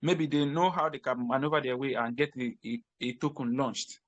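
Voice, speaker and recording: A man's voice: medium pitch, fairly even intonation, moderate pace, dry recording, muffled recording. Emphatic man giving crypto career advice. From Africa. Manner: repetitive, emphatic, frequent restarts. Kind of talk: casual advice talk.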